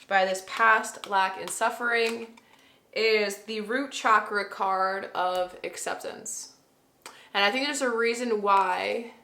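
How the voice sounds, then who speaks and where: A woman's voice: mid-range voice, sharp tone. Chatty woman reading tarot, echoey room. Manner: chatty, thinks aloud, gushing bursts. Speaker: tarot reader. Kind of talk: casual tarot reading to camera. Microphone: camera mic.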